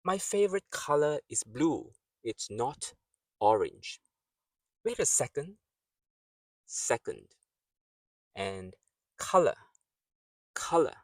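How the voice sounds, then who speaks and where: A man teaching English pronunciation, saying example words slowly and repeating them with clear syllable stress. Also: medium pitch, very animated, dry recording.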